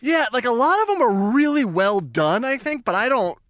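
A man co-hosting a podcast in casual chat, animated and quick to laugh. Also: very high voice, no room sound, clean studio sound. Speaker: podcast co-host.

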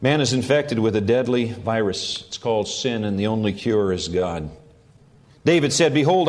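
A middle-aged man, a pastor, preaching a sermon with earnest emphasis that rises on key phrases. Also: a little high.

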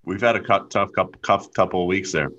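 Animated man telling a golf story. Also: fairly quick, dull audio. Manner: animated, acts out quotes with big jumps up in pitch. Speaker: podcast host. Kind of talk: casual storytelling.

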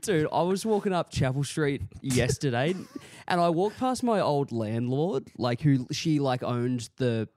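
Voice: mid-range voice, animated, a little slow, darkish tone, a little hiss or hum. A young adult podcast co-host with an Australian accent, chatting casually and acting out the people in their stories. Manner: rambling storyteller who acts out quoted voices. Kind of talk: casual chat.

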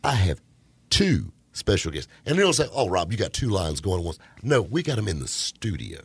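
A man hosts a car talk radio show from the studio, joking and bantering with his guests. His voice sits low and a little husky, with a lively, bouncing pitch. The dry, close studio sound keeps him right up front. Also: moderate pace, dry recording. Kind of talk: casual studio radio chat.

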